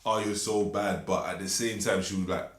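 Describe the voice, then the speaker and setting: A man's voice: low voice, fairly even intonation, moderate pace, slight background noise. A young man with a London accent, co-hosting a podcast and giving earnest, reflective advice. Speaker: podcast co-host. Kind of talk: casual chat. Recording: echoey room.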